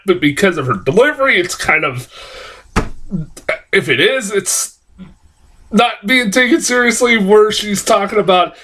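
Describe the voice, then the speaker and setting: A man giving a casual, rambling film review, swearing a lot and stumbling through restarts, jumping higher whenever he quotes a line. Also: moderate pace, long pauses. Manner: rambling, heavy swearing, many fillers and restarts; jumps to high, excited pitch when quoting lines.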